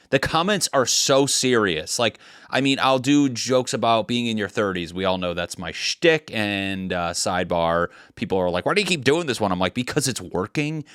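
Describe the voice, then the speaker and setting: A man's voice: fairly low pitch, a bit bright, smooth, no room sound, studio quality. A man in his thirties hosting a comedy podcast, ranting in a rambling, heated way with many restarts. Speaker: podcast host.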